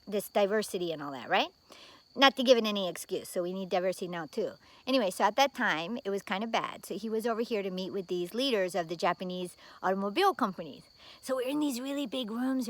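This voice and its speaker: A woman's voice: fairly high pitch, no room sound. A woman in her fifties from the United States, telling stories in a chatty vlog with many fillers. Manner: chatty, with lots of fillers and tag questions. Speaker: vlogger. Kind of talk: casual storytelling vlog.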